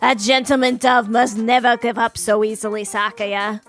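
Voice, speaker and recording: A woman putting on a suave gentleman dove with a French lilt. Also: a little high, level tone, moderate pace, music in the background, natural voice. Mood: smooth courtly. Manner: courtly, with a put-on French accent. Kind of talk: live-streamed game reading.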